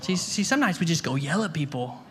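A man's voice: fairly high pitch, sing-song, quick pace, a bit bright, slight background noise. A male pastor preaching a sermon to a congregation in a conversational way, repeating words and asking the room questions. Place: church hall before a congregation.

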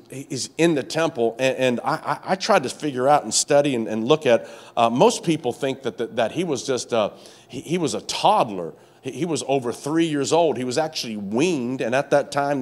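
A pastor preaching a sermon, telling a story with many stammered restarts and jumping up high in pitch to act out its scenes. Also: male voice.

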